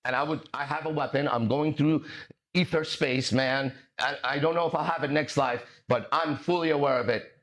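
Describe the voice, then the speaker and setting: A man hosting a podcast as a mindset coach, delivering a swaggering, profane, preachy monologue with dramatic pauses. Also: on the high side, steady tone, a bit bright.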